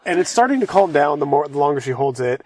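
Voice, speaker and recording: Relaxed man chatting in a camper van. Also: a little high, fast. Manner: relaxed, steady, adds details to her story. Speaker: travel vlogger. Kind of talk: casual storytelling chat. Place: inside a parked camper van.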